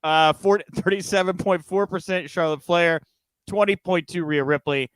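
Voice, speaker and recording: A man hosting a podcast in a relaxed, chatty way, full of quick asides and laughs. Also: high-pitched, clear, resonant tone, dry recording. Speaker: podcast host. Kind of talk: casual chat.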